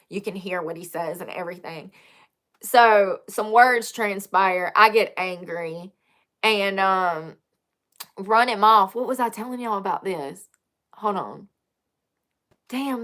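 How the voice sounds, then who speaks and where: A woman hosting a casual livestream, talking bluntly and telling stories with animated energy and frequent laughter. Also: medium pitch. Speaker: livestream host.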